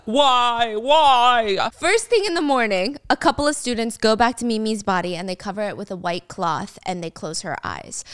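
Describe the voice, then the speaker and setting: A young woman casually retelling a drama's plot to viewers, animated, with playful asides. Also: mid-range voice, smooth. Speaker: video host retelling a drama. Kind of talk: casual story recap.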